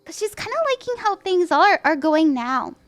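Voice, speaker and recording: A high-voiced woman reads tarot at a normal speed, very animated throughout. As a stream host doing a casual livestream reading, she's chatty and upbeat, laughs often, and fills her speech with "like" and "you know".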